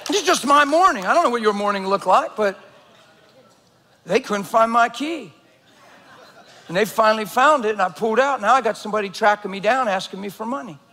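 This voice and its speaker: Man, pastor preaching, high voice, lively storytelling, long church reverb. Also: brisk. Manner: storytelling, swings between loud excited bursts and hushed earnest tones. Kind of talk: sermon. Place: large church hall.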